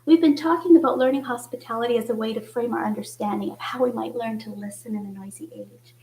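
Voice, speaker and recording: A woman, a mother, preaching a reflective sermon in church, often dropping to a soft, hushed voice. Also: a little high, fast talker, slight background noise, rough recording. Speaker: church speaker.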